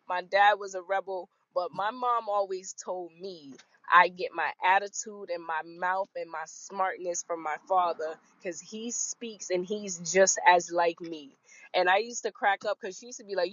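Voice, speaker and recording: A woman hosting a podcast, chatting casually and bluntly, telling lively stories and laughing often while out on a walk. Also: lowish voice, measured pace, a little hiss or hum. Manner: blunt, animated storyteller who laughs often. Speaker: podcast host. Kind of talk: casual chat. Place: outdoors on a walk. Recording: muffled lo-fi sound.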